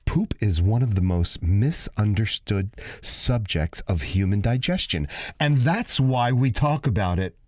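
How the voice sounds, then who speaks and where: A man co-hosting a radio show, chatting and telling funny stories in an animated, jokey way. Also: measured pace, no room sound. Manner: animated, jokey, lively pitch swings. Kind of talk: casual radio banter and storytelling.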